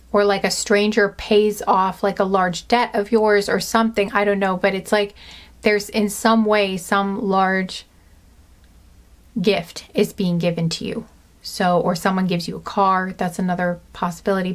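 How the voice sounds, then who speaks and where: A woman with a dry throat giving a casual pick-a-card tarot reading, rambling with lots of fillers and laughing at her own slips. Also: mid-range voice. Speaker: tarot reader.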